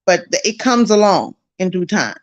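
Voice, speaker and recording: A woman's voice: on the low side, animated, normal speed, muffled recording. A woman on a discussion panel, talking reflectively and restarting her thoughts. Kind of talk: casual discussion.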